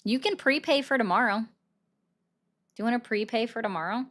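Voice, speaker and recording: A woman's voice: on the high side, a little fast, a bit bright. Chatty woman hosting a livestream. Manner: chatty, greets viewers by name between thoughts. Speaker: livestream host taking calls. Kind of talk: casual live political commentary.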